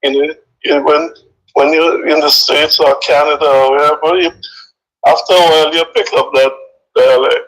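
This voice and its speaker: An older man from St. Vincent with a Vincentian accent softened by decades in the US, calling into a live chat and speaking haltingly, often repeating himself. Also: on the high side, steady tone. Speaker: caller. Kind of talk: casual phone-in chat. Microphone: phone. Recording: tinny phone line.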